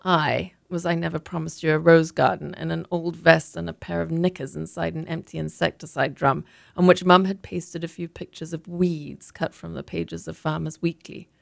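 A woman's voice: deep voice, level tone, moderate pace, vocal fry. A woman author from Zimbabwe reading her memoir aloud and talking thoughtfully in an interview. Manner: thoughtful, with frequent restarts in conversation. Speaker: author and guest.

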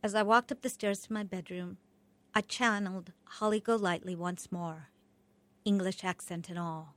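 A woman reading her childhood memoir aloud in an expressive, wry storytelling manner. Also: lowish voice, moderate pace. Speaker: memoir narrator.

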